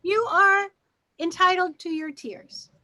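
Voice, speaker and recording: A middle-aged woman on a talk show with a high voice, recorded close and dry. She speaks bluntly and emphatically and drives her points home with short, repeated questions. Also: steady tone, slow, sharp tone, no room sound. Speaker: co-host. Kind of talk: casual discussion and personal story.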